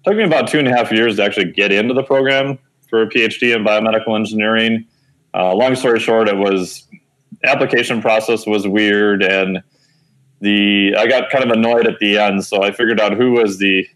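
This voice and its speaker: A man in his forties with a slightly low voice tells a personal story in a loose, chatty way. He fills pauses with "uh" and "you know" and often corrects himself mid-sentence. When he quotes other people, his pitch leaps up as he acts out their lines. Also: rough recording. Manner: animated storyteller who acts out quoted dialogue with lively pitch jumps; conversational, with frequent fillers and self-corrections. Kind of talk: storytelling in an interview.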